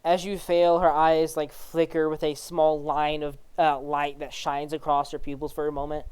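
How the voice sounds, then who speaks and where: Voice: medium pitch, level tone, normal speed, few pauses, a little mellow, clear, resonant tone, poor audio. A game master casually narrating a tabletop role-playing session, with frequent fillers as the scene is described.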